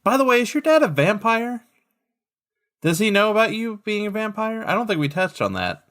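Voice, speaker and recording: A man's voice: high-pitched, very animated, moderate pace, fairly bright tone. A man playing in a tabletop role-play, with dry, jokey asides. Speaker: player.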